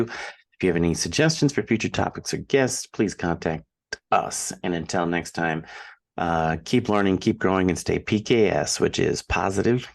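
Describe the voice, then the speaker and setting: A man's voice: low voice, creaky. A man with a Minnesotan accent hosting an interview, asking playful questions in a casual way. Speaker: podcast host.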